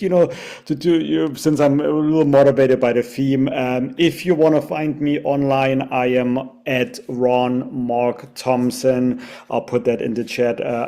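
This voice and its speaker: A man with a warm, mellow voice at a mid pitch speaks gently over a video call. He is grateful and easygoing, drops "you know" often, and reads his short poem plainly. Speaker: poet at open mic. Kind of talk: casual chat and poetry reading. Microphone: video call mic.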